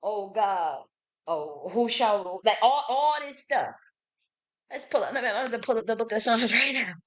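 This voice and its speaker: A woman's voice: on the high side, expressive, measured pace. A woman hosting a live stream, talking in a casual, profane and emphatic way and breaking off to read verses aloud. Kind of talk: casual livestream monologue. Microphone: streaming setup.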